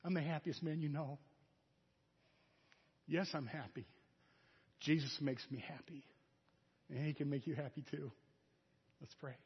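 A man's voice: a little high, fairly even intonation, measured pace, long pauses, slightly rough. A middle-aged man preaching a sermon as pastor, telling stories in a folksy, conversational way. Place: church sanctuary. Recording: dull, echoey church hall recording.

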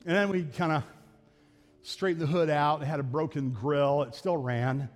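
Folksy middle-aged male pastor, fairly high voice, storytelling sermon, echoing church hall. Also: fairly even intonation, normal speed. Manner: folksy, acts out family voices in his story. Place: church sanctuary. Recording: reverberant church hall with faint music.

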